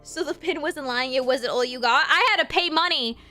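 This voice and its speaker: A woman's voice: high voice, fairly quick, sharp tone, soft background music. A young woman streamer telling crude, rambling stories in casual chat. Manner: rambling, crude, playful storytelling.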